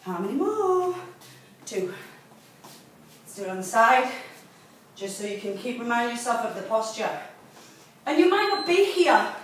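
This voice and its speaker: With a fairly high, sing-song voice, a female fitness instructor speaks at normal speed and pauses often. She encourages her audience while working out herself, getting out of breath. The sound comes from a distant mic in a very echoey room with faint noise.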